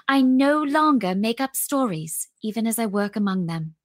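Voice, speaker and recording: A woman's voice: on the high side, lively intonation, moderate pace, no echo, studio quality. A woman voicing a guilt-ridden young bookseller in a put-on British accent with a Brooklyn tinge, reading in the first person. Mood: wistful. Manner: reflective first-person storytelling. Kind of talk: podcast dramatic reading.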